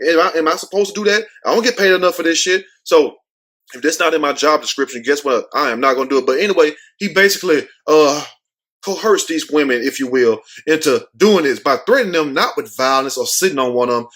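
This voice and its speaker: A man's voice: on the high side, fairly bright tone. A man giving brash, profane, joking commentary on a news story as the host of his own show.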